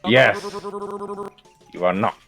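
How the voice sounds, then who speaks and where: A man talking casually in a very low, unhurried voice that still swings expressively. He is relaxed and agreeable, pausing and restarting now and then. Faint music sits behind him. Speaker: voice actor in group chat. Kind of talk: casual chat.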